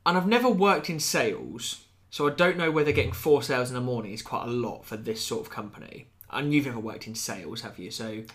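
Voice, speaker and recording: Man, podcast co-host, casual chat, animated, bright forward tone. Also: medium pitch, fairly quick. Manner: animated, acts out quotes.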